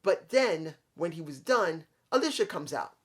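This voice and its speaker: A man's voice: fairly high pitch, very animated, a little slow, a bit bright. A man giving a casual, rambling spoken review of a wrestling show, talking straight to his viewers.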